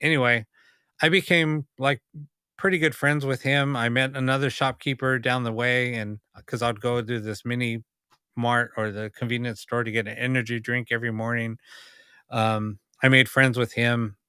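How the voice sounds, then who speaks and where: Male podcast host, bright and crisp, chatty storyteller who keeps restarting his sentences. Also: mid-range voice, fairly even intonation, moderate pace, no room sound, studio quality. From United States (Los Angeles). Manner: rambling anecdotes with many fillers and restarts. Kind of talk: casual podcast chat.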